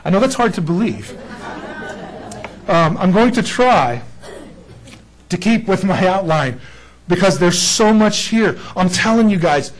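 A middle-aged man teaching the Bible in a sermon, excitable and eager, often pausing to check that listeners follow along. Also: high-pitched, poor audio.

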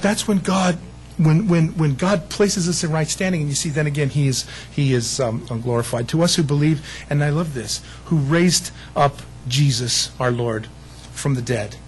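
A man preaching a sermon as pastor, animated, acting out other people's voices with self-deprecating humor. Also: fairly high pitch, slight background noise, poor audio.

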